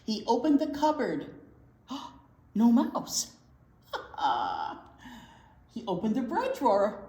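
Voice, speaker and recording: A woman reads a picture book aloud to young children, slow and unhurried. Her pitch rises and falls in a lively way as she points out the pictures. The voice rings in a roomy, echoing space. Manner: unhurried, expressive reading to young kids. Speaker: children's librarian. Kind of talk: children's read-aloud storytime. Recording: roomy echo.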